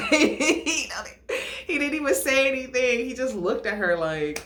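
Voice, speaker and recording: A young woman hosting a casual recap, lively and quick to laugh, acting out what others said in a higher voice. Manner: animated, acts out quotes in a higher voice, laughs often. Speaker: podcast host reviewing a reality show. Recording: echoey room.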